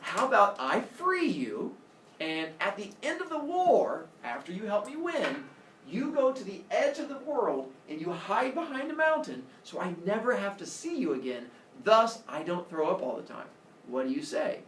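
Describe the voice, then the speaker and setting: A male teacher voicing a goofy, excitable young king of the gods in a casual, exasperated way. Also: high-pitched, moderate pace, a little hiss or hum, voice pushed up. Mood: bargaining. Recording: roomy echo, mic far off.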